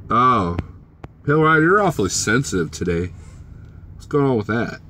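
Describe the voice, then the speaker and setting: A man's voice: medium pitch, big pitch swings, normal speed, pushed and bright, a little hiss or hum. A man vlogging as a truck driver, casually chatting and joking with his live-stream viewers and teasing them by name.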